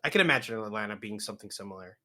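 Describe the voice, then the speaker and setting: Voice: mid-range voice, lively intonation, racing, pushed and bright, slight background noise. A podcast co-host in casual chat, talking loosely and leaning on "like" as a filler.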